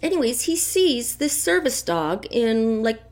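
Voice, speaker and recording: A woman's voice: fairly high pitch, unhurried. Chatty woman doing a tarot reading. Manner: chatty, gossipy, animated asides. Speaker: tarot reader. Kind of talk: casual tarot reading commentary.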